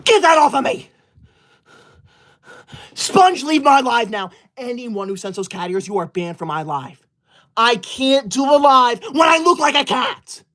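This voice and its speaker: In a comedic character skit, a man with a high, somewhat bright voice at normal speed plays a touchy, self-righteous teacher's-pet boy livestreamer. Indignant, the character scolds and bans his viewers in melodramatic outbursts.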